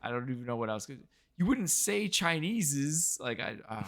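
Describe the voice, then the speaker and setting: A man co-hosting a film review podcast, chatting casually and chiming in with quick agreements. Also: mid-range voice, big pitch swings, a bit bright. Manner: chimes in with short agreements and laughs. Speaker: podcast co-host.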